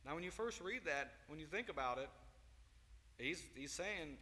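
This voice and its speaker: A man leads a Bible lesson in a church hall, telling the story with lively acted-out quotes. His voice is bright and forceful and sits fairly high. The sound carries a long hall reverb. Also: moderate pace. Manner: animated storytelling, acting out quotes. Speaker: Sunday school teacher.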